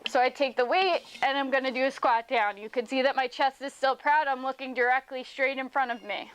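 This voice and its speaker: A woman's voice: sits high, steady tone, brisk, fairly bright tone, clean tone, dry recording. A young woman teaching a home workout, explaining each move step by step as she demonstrates it. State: out of breath at times. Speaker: fitness teacher. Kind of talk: workout instruction.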